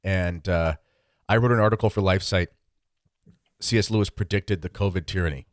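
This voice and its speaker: A male podcast host with a fairly low voice, recorded dry and close. He speaks in a relaxed, conversational way, dropping in fillers as he goes. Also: a little fast, no echo. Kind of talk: casual conversational interview.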